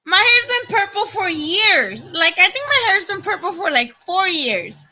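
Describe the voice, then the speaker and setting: A young woman streamer from Nayarit, Mexico, talking to her viewers in a loose, excitable way with plenty of swearing. Her voice sits high and sounds very bright and sharp. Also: unhurried, rough recording. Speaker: boxing commentary streamer. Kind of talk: casual livestream chat.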